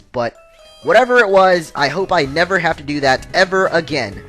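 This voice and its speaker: A man gives casual playthrough commentary, wandering into asides with plenty of fillers. His voice sits a little high, with faint music underneath. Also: big pitch swings, moderate pace, a bit bright. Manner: rambling, loose, lots of fillers and asides. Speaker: let's play host.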